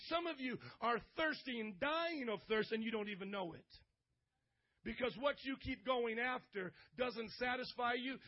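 A youth pastor preaching a sermon with emphasis, calling on the listeners to answer back, then dropping to a hushed, close tone. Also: male voice, very high-pitched. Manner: emphatic preacher, calls on the audience to respond; swings between loud exhortation and hushed, intimate delivery. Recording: dull lo-fi audio.

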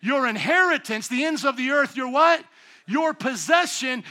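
High, bright-voiced man preaching a sermon. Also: expressive, measured pace. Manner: dynamic preaching, swinging from hushed to shouting. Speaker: pastor.

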